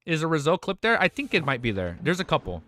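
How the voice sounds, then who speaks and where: Excitable, animated male streamer. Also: on the high side, fast. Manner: excitable, chatty, swearing. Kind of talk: live reaction stream.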